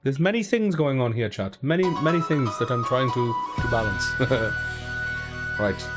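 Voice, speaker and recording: A man's voice: medium pitch, animated, moderate pace, over loud music. A young man casually hosting a giveaway live stream, chatting playfully, cracking jokes and counting down. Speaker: giveaway live draw host.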